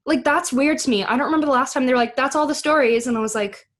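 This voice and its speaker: A young American woman, an actress, chatting on a podcast in a bubbly, rambling way full of asides. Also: high voice. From United States. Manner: bubbly, lots of "like" and quick asides. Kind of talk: casual chat.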